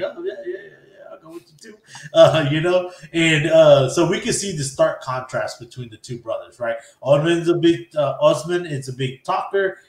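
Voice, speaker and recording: A man hosting a podcast, recapping an anime episode in a casual, animated way and acting out characters' lines. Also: medium pitch, echoey room. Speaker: podcast host.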